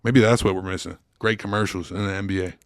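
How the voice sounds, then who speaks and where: A man's voice: low voice, fairly even intonation, quick pace, smooth, no echo, studio quality. A man co-hosting a podcast, chatting casually in emphatic, profane sports banter. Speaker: podcast co-host. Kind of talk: casual chat.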